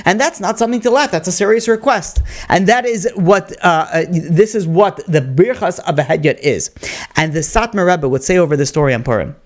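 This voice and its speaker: A man, a rabbi, giving a Torah lecture, telling stories with animated emphasis and weaving Hebrew and Yiddish terms into his English. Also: fast. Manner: animated storytelling, rising pitch for emphasis.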